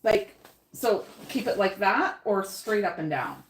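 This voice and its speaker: A woman's voice: medium pitch, lively intonation, measured pace, echoey room, slight background noise. A woman hosting a live paint-along. She chats with her viewers, thinks aloud and laughs often while she works. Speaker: painting host.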